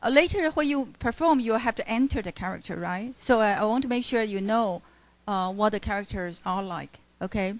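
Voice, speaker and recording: A female literature teacher, giving a classroom lecture in a halting style full of fillers and self-corrections. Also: medium pitch. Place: university classroom.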